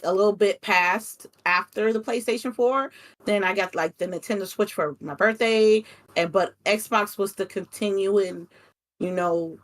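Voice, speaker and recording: Woman, young adult, interview guest, animated, casual swearing. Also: medium pitch. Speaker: content creator guest.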